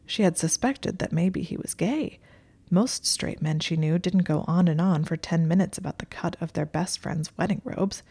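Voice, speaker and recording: Woman reading a story out loud, low voice, kinda gravelly and husky, dry wry tone. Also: moderate pace. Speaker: narrator. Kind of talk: storybook narration.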